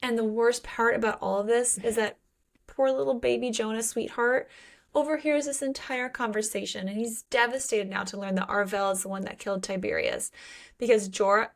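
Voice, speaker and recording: Animated woman acting out a book's scenes. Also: on the high side, normal speed, gravelly. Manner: animated, acts out characters' lines in playful voices, laughs often. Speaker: book podcast co-host. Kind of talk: casual chat recapping a book.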